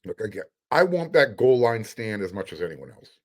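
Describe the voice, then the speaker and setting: A man's voice: fairly low pitch, sing-song, normal speed. A middle-aged man hosting a sports podcast, talking casually in an emphatic, sarcastic, fired-up way.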